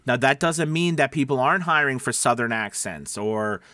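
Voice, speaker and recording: A man's voice: medium pitch, expressive, moderate pace, sharp tone, no room sound. A man with a somewhat nasal voice giving casual advice to voice actors, asking viewers questions as he talks. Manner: conversational, restarts, asks viewers questions. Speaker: voice-over coach. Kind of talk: casual advice talk to camera.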